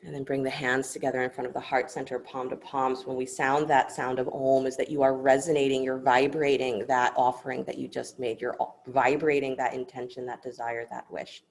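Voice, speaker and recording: A low-pitched woman with a gravelly, creaky texture leads a yoga class. She speaks softly and gently, giving instructions and weaving in a story. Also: level tone, a little fast, few pauses. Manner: soft-spoken, gentle and instructive. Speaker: yoga teacher.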